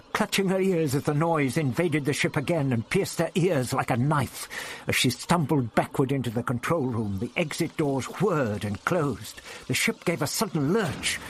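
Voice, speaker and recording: An audiobook narrator reads an adventure story aloud with dramatic, expressive storytelling. His voice is fairly high, and there's a noisy background.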